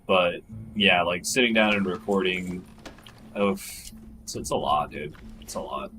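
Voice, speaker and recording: A young man with a fairly low voice talks loosely with a friend about streaming and games. He swears freely and slips into over-the-top high impressions of other people. A faint room ambience sits behind him. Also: unhurried, pushed and bright, slight background noise, rough recording. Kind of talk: casual chat between gamer friends.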